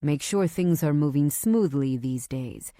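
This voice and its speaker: Brief: woman playing a controlling mafia husband, low and firm, dry close read. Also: animated, unhurried, warm tone, dry recording. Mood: commanding. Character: domineering mafia husband, calm, commanding man.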